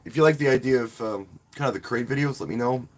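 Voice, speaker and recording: A man's voice: medium pitch, quick pace, background noise. A man who works as a wedding DJ, casually talking to viewers on a live stream in a rambling, friendly way and often restarting his words. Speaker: wedding DJ and channel host.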